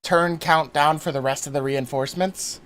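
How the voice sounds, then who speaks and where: Guy dm-ing a tabletop game online, bright voice, joking around and swearing a lot. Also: fairly high pitch, steady tone, moderate pace, smooth. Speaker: dungeon master. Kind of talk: casual game narration.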